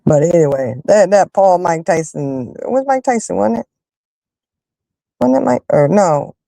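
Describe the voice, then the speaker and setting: Chatty woman with a low mellow voice. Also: measured pace, vocal fry, no room sound. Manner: animated, emphatic storyteller who rants and fusses. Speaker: livestream host chatting with viewers. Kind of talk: casual chat.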